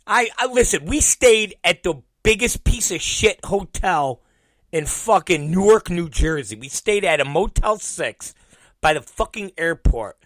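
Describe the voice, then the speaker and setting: Male host, fairly high voice, dry close sound; animated profane storyteller who plays every part himself. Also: unhurried, dry recording. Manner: profane, animated, acts out both sides of a dialogue. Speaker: podcast host. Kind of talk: storytelling monologue.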